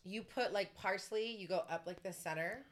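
A woman's voice: medium pitch, normal speed. A woman guesting on a casual podcast chat at home, rambling with lots of fillers and laughter. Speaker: guest co-host. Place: home, recorded in person.

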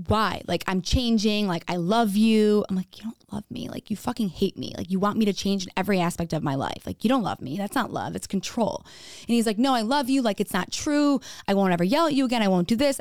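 A woman's voice: mid-range voice, a little mellow, no echo, clean studio sound. A young woman candidly telling her own story in a casual way, acting out what others said. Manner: candid, frequent "like", acts out quoted dialogue.

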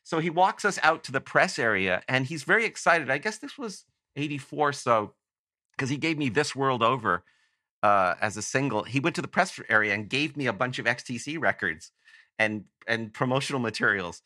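A man's voice: mid-range voice, expressive, moderate pace, bright, forceful tone, no echo, clean studio sound. A man from Canada telling a long, rambling story as a podcast guest, often breaking off and restarting his sentences. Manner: rambling, self-interrupting storyteller. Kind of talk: casual anecdote telling.

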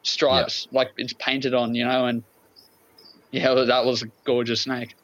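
A man's voice: mid-range voice, completely flat delivery, unhurried, a bit bright. Australian guy, laid back, mid voice, dull muffled recording. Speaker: guest. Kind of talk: casual chat.

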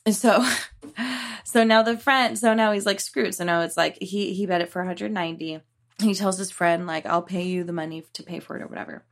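A woman's voice: mid-range voice, brisk. Chatty woman rambling through a retelling. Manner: rambling, animated retelling with quoted voices and swearing. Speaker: podcast co-host. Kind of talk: casual chat recapping a film.

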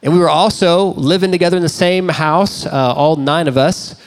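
A man's voice: on the high side, steady tone, moderate pace. A man in his thirties, a pastor, preaching a sermon in a conversational, self-deprecating storytelling way. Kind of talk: sermon with personal stories.

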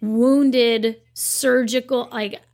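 Woman around thirty, animated and emotional, chatting about herself as a guest. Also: on the high side, drawn-out words. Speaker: guest, company owner. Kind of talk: casual interview storytelling.

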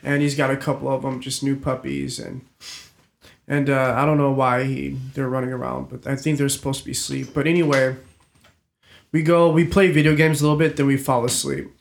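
A man's voice: mid-range voice, flat delivery, brisk, gravelly. A man telling a rambling, swear-laced story in a casual chat with friends, full of restarts. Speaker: storyteller on a group podcast. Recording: roomy echo.

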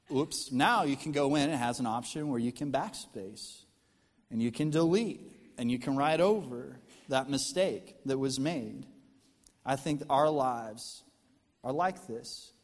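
A man preaching as pastor, explaining his point in an earnest, steady teaching tone. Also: mid-range voice. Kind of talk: sermon. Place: large church hall. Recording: long church-hall reverb.

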